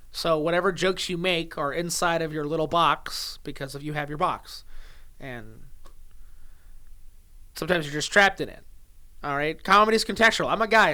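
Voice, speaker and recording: A man's voice: a little high, pushed and bright, smooth. A young adult male comedian in casual podcast chat, rambling, laughing often and trailing off mid-thought.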